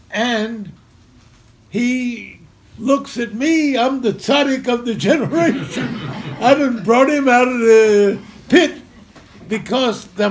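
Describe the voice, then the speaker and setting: Older man spinning a slow story. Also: high voice, slight background noise. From Memphis, Tennessee, US. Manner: animated, chuckling storyteller who acts out scenes. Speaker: speaker telling a personal story to an audience. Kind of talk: live storytelling talk. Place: community center talk in front of an audience.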